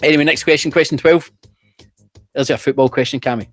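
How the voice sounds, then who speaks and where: A man's voice: medium pitch, steady tone, fairly quick, faint music behind. A man around forty, hosting a quiz in casual, sweary banter with restarts. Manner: chatty, sweary, trailing restarts. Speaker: quiz host.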